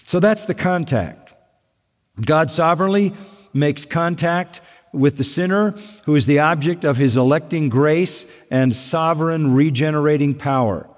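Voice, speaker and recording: A man preaching a sermon as pastor, emphatic, slowing down to stress key points. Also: a little high. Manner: emphatic preaching, slows down for weight. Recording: long hall reverb.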